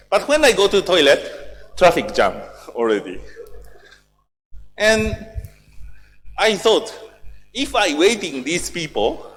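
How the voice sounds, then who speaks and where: Japanese man lecturing in broken English, unhurried and chuckling, voice ringing in a long hall reverb. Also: high voice, fairly bright tone. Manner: halting broken English, laughs often while telling stories. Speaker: workshop lecturer. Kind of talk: humorous training lecture. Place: large training hall.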